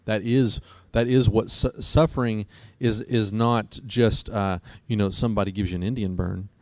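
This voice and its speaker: A man with a lowish voice hosts a casual debate, thinking aloud as he goes. His speech is halting and full of fillers and restarts. The sound is dry and close. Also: fairly even intonation, darkish tone, dry recording. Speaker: co-host.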